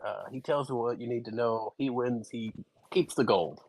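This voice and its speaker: A man playing a tabletop game, talking haltingly and repeating words as he jumps into the scene. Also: mid-range voice, darkish tone, low-quality recording. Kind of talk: casual gaming chat.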